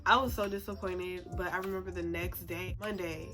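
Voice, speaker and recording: A woman's voice: on the low side, fairly even intonation, a little fast. A woman in her twenties telling a personal story to camera in a chatty way, with lots of "like" fillers and laughs at herself. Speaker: storytime vlogger. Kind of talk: casual storytelling. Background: background music.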